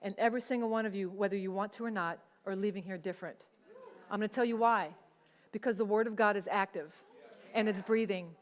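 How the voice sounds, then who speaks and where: A woman pastor preaches a sermon in a reverberant hall, her medium-pitched voice steady and fairly quick. She keeps it conversational and acts out the voices of people she quotes.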